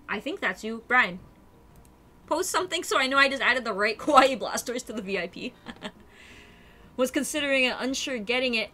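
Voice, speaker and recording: A young woman livestreaming, her voice bright and fairly high, talking in a chatty, animated way. She reacts to her viewers as she plays and laughs easily. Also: moderate pace, long pauses, slight background noise. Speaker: streamer. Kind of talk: casual live-stream chat with viewers.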